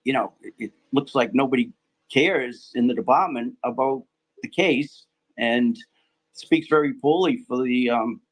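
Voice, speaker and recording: A man's voice: medium pitch, a little slow, low-quality recording. A man speaking as a guest in a casual podcast discussion, hesitant, with many ums and restarts.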